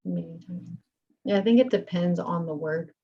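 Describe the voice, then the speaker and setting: A woman instructor giving brief, halting answers about signing. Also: on the low side. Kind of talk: answering in an online class. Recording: muffled lo-fi recording.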